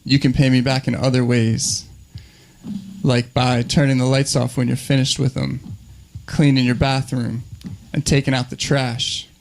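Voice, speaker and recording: A blunt, sharp-tongued older woman on a date, as a male comedian quotes her in his own voice. She teases in a dry, deadpan way with no real change of tone. She sits at a mid pitch, in a comedy story. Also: a little slow, vocal fry. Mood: teasing.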